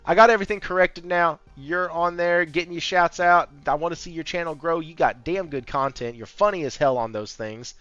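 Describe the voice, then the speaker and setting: A man hosting a casual gaming podcast, talking in an amped-up, high-energy way and swearing freely. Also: brisk, few pauses, a bit bright, no room sound. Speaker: podcast host. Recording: slightly muffled audio with faint background music.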